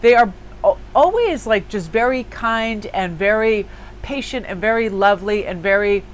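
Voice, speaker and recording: A woman reads tarot cards in an easygoing, conversational way. Her voice sits at a middle pitch, and she talks emphatically, with plenty of filler words. There is a faint hiss of noise underneath. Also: animated, normal speed, poor audio. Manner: chatty and emphatic, lots of "like" fillers. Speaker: tarot reader and small business owner. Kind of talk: casual daily tarot reading.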